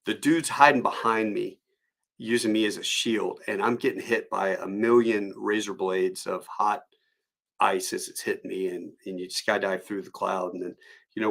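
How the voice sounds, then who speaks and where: Gravelly-voiced man spinning rambling stories on a live stream, chuckling as he goes. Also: fairly low pitch, fairly bright tone. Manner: rambling anecdotal delivery with chuckles. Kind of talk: storytelling.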